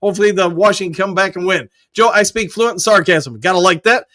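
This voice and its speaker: High-voiced man reading live chat. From Michigan. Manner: upbeat, reads comments aloud with quick shout-outs and whoops. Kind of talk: casual live-stream chat.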